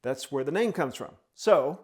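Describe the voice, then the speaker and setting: A man's voice: on the high side, expressive, normal speed, noisy background. A man teaching a drum lesson step by step, speaking the rhythms aloud in syllables as he demonstrates them.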